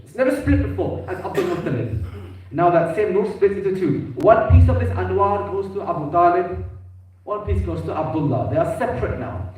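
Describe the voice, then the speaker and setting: A man giving an emphatic mosque sermon, with quick Arabic quotations between his English. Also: high-pitched, expressive, darkish tone. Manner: emphatic, rising into declamation, quotes Arabic quickly. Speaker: preacher giving a majlis. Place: mosque hall. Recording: echoey mosque hall, mic at a distance.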